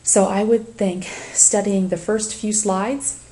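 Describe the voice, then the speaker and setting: A woman teacher giving a recorded lecture for a flipped class, slowly reading lists of verb forms and giving assignments. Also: mid-range voice, fairly even intonation, dark tone. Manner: deliberate, reads conjugations aloud in lists. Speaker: Spanish teacher.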